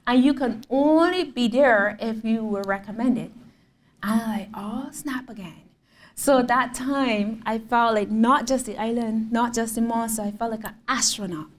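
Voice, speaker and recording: A Barbadian woman, probably in her thirties, lectures as a guest artist in a lecture hall, speaking at normal speed in a slightly high voice. Her storytelling is animated, complete with acted-out quotes from others. Faint room noise and a distant mic reflect the roomy hall.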